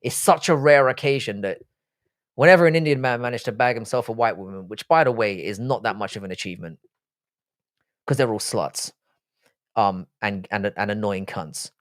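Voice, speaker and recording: A man hosts a livestream in a casual, offhand, profane manner, reading chat messages aloud and answering them. His voice is lowish and his pace moderate, recorded cleanly in a studio with no echo.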